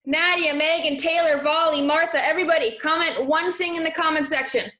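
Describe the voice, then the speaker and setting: A young woman hosting a motivational live stream, talking in an energetic, encouraging way and reading viewer comments aloud. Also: high-pitched, a little fast, echoey room.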